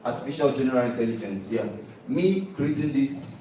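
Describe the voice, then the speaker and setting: A young man from Nigeria presents his student project in a mellow, relaxed voice. He stresses his points and repeats them, often checking in with his listeners. He sounds far from the mic in a very echoey hall. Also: mid-range voice, a little fast, a little hiss or hum. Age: young adult. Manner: emphatic, repeats key phrases, keeps asking "do you understand?". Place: large lecture hall. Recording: echoey hall, heard from a distance.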